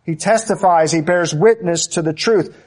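A man preaching an expository sermon, emphatic and deliberate, repeating key phrases for stress. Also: high-pitched.

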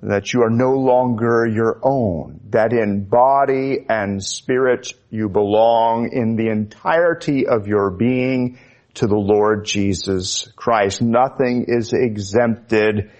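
Guy preaching, slow and deliberate, gets louder on the bible quotes. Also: fairly low pitch. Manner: slow, emphatic preaching, rising when quoting Scripture. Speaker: pastor. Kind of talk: sermon.

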